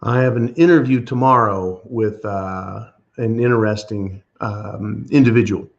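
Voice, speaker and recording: A man's voice: fairly low pitch, a little slow, vocal fry, lo-fi sound. A man hosting a preparedness channel, ranting sarcastically and emphatically in political commentary, often calling listeners "folks".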